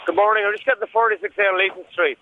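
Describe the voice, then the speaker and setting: A man's voice: high-pitched, fairly even intonation, racing, a little hiss or hum. An Irish man calling in from a bus, grumpy and blunt in casual chat. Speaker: caller. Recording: tinny phone line.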